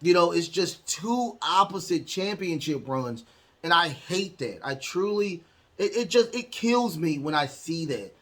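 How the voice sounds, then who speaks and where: Guy rambling thru a wrestling recap, kinda high voice, tons of uhs. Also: animated, unhurried, fairly bright tone. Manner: rambling, heavy fillers, acts out quotes. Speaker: podcast host.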